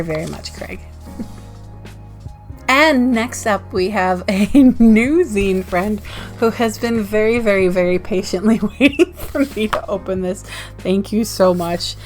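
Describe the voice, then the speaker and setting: An American woman rambling cheerfully through a casual vlog chat, breaking into giggles between thoughts. Her voice sits at a middling pitch, with faint music playing quietly underneath. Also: measured pace. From United States. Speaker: zine vlogger.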